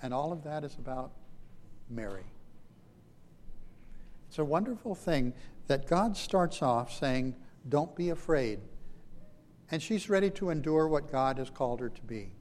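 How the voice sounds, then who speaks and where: A man's voice: medium pitch, expressive, darkish tone, in a large hall, a little hiss or hum. A man preaching a sermon as pastor, with dramatic emphasis that swells and drops, stretching out key phrases. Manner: dramatic, rising and falling emphasis with slowed phrases.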